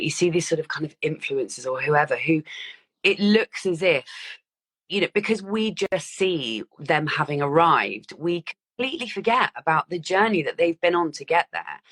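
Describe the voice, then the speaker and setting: A woman's voice: deep voice, a bit bright. A woman co-hosting a podcast in casual reflective chat, thoughtful and rambling, with many small fillers. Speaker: podcast co-host.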